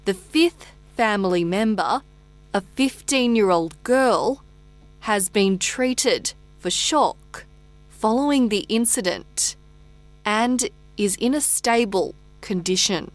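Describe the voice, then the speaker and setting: Slow, careful female news presenter. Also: medium pitch, lively intonation, no room sound. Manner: slow, carefully paced reading for learners. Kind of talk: scripted news reading. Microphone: studio microphone.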